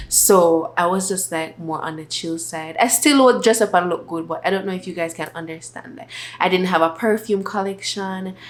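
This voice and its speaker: A young woman vlogger in a casual sit-down chat, talking softly and rambling with many filler words. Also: mid-range voice.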